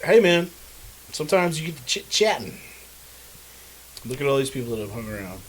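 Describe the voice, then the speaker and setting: A man's voice: medium pitch, big pitch swings, a little fast. A man co-hosting a podcast in a casual chat, rambling and loose, with a lot of swearing. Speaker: podcast co-host.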